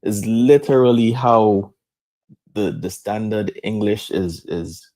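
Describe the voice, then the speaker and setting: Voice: mid-range voice, takes it slowly, mellow. A speaker casually explaining ideas on how language changes, in a thoughtful way. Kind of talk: casual chat.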